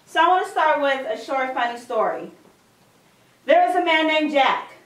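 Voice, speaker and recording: A woman's voice: high-pitched, lively intonation, normal speed. A woman preacher giving a sermon, telling a story and repeating phrases for emphasis. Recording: echoey room from a distance.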